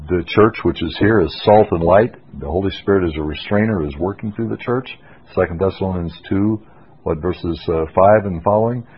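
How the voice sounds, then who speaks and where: A man's voice: low-pitched, breathy edge. A man preaching an expository Bible sermon, emphatic and insistent, pressing his points hard. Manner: emphatic, rising to forceful insistence. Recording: dull lo-fi radio broadcast.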